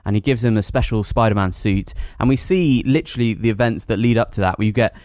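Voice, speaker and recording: A man co-hosting a film podcast, explaining new releases in a relaxed, rambling way with filler words. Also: on the low side, quick pace, no echo, clean studio sound. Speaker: podcast co-host, film reviewer. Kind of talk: casual chat.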